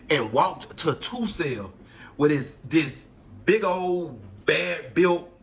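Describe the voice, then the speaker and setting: A man telling a story in a casual, animated and heavily profane way, acting out what others said. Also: fairly high pitch, slight background noise. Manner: animated, profane, acts out quotes. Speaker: storyteller in a clip.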